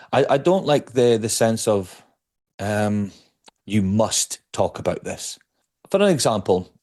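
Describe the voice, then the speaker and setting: A man with a fairly low, slightly mellow voice speaks reflectively as a podcast guest discussing stress. In this conversational interview, he often repeats words while searching for the right one.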